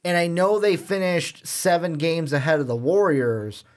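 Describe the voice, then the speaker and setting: Young male co-host, Chicago accent, upbeat sports-chat energy, slightly higher voice. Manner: animated, quick asides and laughs. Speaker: podcast co-host.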